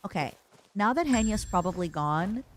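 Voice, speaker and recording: Brief: young female streamer, bouncy and animated, rambling playful chatter to chat. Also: mid-range voice, normal speed, slight background noise. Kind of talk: casual live-stream gaming chatter.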